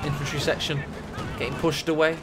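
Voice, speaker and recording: A man casting a strategy game match, excitable and jokey, his voice rising to shouts at the big plays. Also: a little high, a little fast, loud music behind the voice, a loud crowd. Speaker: game caster. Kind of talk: energetic esports commentary.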